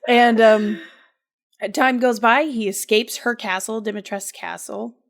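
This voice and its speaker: Slow-talking woman recapping a game. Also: a little high, vocal fry. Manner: laughing, animated storytelling with fillers. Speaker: podcast co-host. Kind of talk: casual chat recapping a game.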